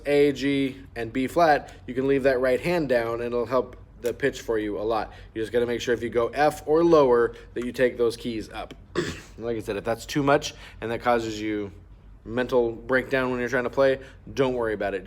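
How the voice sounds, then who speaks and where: A man at an ordinary middle pitch gives a patient clarinet lesson. He explains each fingering and marking step by step, now and then singing rhythms aloud to show them. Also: a little fast. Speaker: band teacher. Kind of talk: instrument lesson walkthrough.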